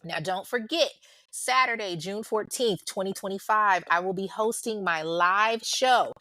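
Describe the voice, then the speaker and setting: A woman's voice: mid-range voice, a little slow, sharp tone, no echo. A woman hosting a true crime podcast, talking casually and bluntly to her listeners, swearing freely and calling them y'all. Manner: chatty, informal, addresses listeners as y'all. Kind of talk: casual podcast chat and outro.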